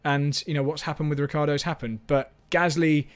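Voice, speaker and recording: A man's voice: on the high side, steady tone, brisk, smooth. A man hosting a casual live-stream chat, rambling and self-mocking, with frequent restarts. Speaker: host.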